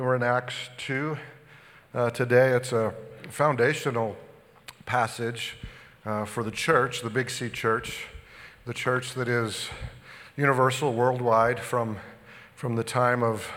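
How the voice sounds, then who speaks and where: Slightly breathless pastor in a reverberant church. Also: male voice, medium pitch. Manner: relaxed, halting with many restarts. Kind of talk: sermon.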